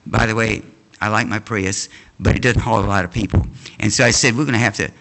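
A man's voice: on the low side, steady tone, a little fast, fairly bright tone. Folksy older man preaching a testimony. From Amish community. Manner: folksy storytelling, addresses the congregation. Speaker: guest preacher. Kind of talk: sermon testimony. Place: church.

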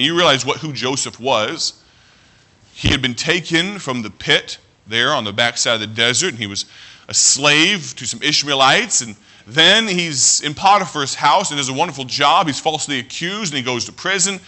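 A man preaching a sermon as pastor, earnest, often restarting his phrases and slowing down to read scripture. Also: a little high, lively intonation, bright, forceful tone.

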